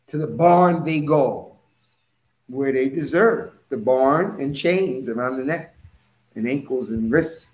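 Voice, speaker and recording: A man preaching an impassioned monologue, forceful and swinging between loud bursts and low mutters. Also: slow pace, reverberant.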